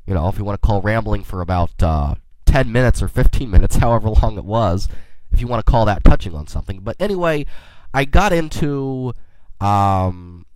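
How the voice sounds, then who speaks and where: A man's voice: fairly low pitch, dry recording, poor audio. A man hosting his own podcast, talking alone in a rambling, chatty way with folksy asides, a little sick. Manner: playful in-character space banter. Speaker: podcast host. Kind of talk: casual solo podcast monologue.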